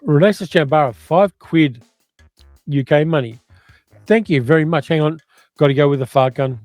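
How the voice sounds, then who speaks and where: An older man with an educated Australian accent hosts a relaxed livestream and talks easily between viewer comments. His voice is dark and mellow, recorded dry and close, with faint music underneath. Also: a little high, normal speed, no echo. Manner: chatty, reads viewer comments aloud and muses on them. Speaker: movie channel host reading live chat. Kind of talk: casual livestream chat.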